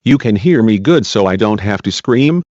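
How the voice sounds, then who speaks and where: A man's voice: lowish voice, expressive, normal speed, a little mellow, dry recording. A man reading a female witness's answers from a deposition, short and polite, in a dull lo-fi recording.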